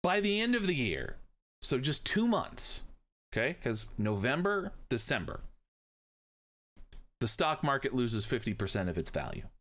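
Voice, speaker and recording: A man's voice: mid-range voice, sing-song, a little slow, long pauses, a bit bright. A man teaching history on a live stream, talking in a casual, jokey way and swearing now and then. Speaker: history professor.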